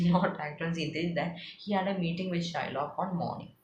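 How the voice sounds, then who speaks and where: A woman's voice: on the low side, fairly even intonation, moderate pace, a little mellow, slight background noise. A woman tutor explaining a classic play in a chatty way, repeating and paraphrasing lines as she goes. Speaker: literature tutor. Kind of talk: explaining a play with read-aloud passages. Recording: echoey room.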